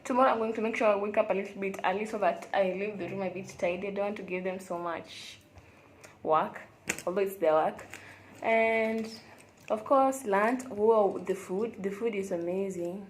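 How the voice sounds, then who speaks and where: Young woman, candid vlogger chatting alone in a roomy-sounding hotel room, mid pitch. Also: fairly even intonation, normal speed, slight background noise. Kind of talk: casual confessional vlog chat.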